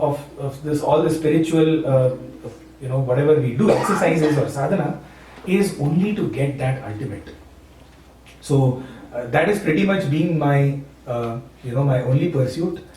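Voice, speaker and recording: Man, conversational spiritual talk, slightly high voice, distant mic in an echoey room. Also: warm tone. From India, Maharashtra. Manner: conversational, many fillers and "right?" checks, chuckles often. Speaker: satsang speaker, university teacher. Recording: echoey room, far from the mic, faint hum.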